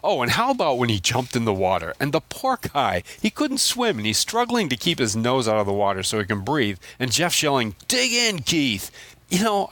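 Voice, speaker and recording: A man with a fairly low voice calls in to the show with his prepared commentary. He is from Louisiana, and his pitch swings widely as he delivers wry, animated remarks. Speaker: caller.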